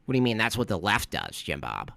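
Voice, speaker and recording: A man's voice: fairly low pitch, wildly swooping pitch, fast talker, gravelly, a bit bright, dry recording, studio quality, full character voice. A man putting on the voice of a pompous, preachy conservative pundit, fussing and lecturing in a comedic impression. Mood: scolding. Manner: pompous, scolding, fussy. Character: smug, preachy male conservative pundit, middle-aged.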